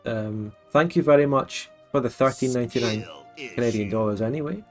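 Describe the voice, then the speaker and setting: A Scottish man hosting a relaxed late-night livestream, chatting frankly and laughing often. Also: medium pitch, brisk, soft background music. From Scotland. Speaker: livestream host. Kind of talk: casual late-night stream chat.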